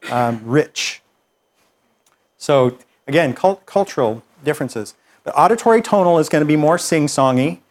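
A man teaching a workshop group, explaining in a relaxed, conversational way with fillers and restarts. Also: mid-range voice. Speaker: workshop instructor.

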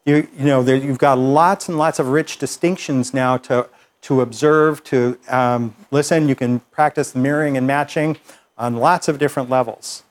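Man teaching a live workshop. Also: fairly high pitch. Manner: relaxed, conversational explaining with fillers and restarts. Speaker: workshop instructor.

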